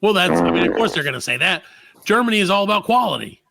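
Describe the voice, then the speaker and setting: A man's voice: high voice, expressive, fast, creaky, pushed and bright. A man co-hosting a comedy podcast who trades wry quips and riffs in quoted bits. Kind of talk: casual comedic banter.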